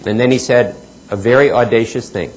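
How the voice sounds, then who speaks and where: A man's voice: brisk, slight background noise, rough recording. Middle-aged man telling a motivational story. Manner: storytelling, acts out quoted dialogue, drops pitch for emphasis. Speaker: keynote speaker. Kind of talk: motivational healthcare talk.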